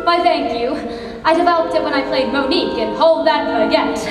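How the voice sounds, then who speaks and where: A theatrical young starlet bride, played by a teen girl, breathless and showy in a high, bright voice. She is caught from far back in a reverberant auditorium with faint music. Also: a little fast, natural voice. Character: glamorous young actress bride.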